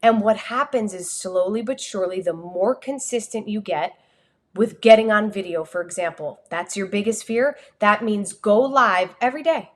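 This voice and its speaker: A woman with a New Jersey accent, a communication coach giving an energetic, expressive motivational talk on a livestream. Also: medium pitch, moderate pace. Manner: energetic, expressive, talks with her hands.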